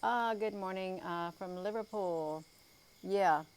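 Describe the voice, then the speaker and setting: A woman's voice: mid-range voice, slow, darkish tone, a little hiss or hum, rough recording. A tired woman chatting live outdoors at night, rambling with many ums and calling her viewers "you all". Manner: rambling, full of ums and uhs. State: tired, yawning. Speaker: livestream host. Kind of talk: casual live sky-watching chat.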